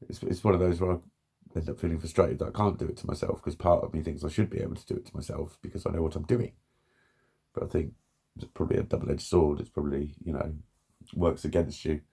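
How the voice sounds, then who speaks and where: A man's voice: low-pitched, creaky, dark tone. A man talking bluntly and frustrated in a candid vlog monologue, swearing often and repeating himself. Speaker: vlogger.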